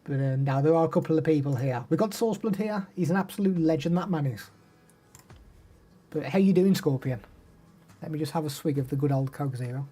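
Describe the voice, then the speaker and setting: This young man with an English Midlands accent is a live streamer demoing microphones, chatting casually as he reads out viewer names and answers them. His voice sits a little high and runs fairly quick, warm in tone and slightly rough.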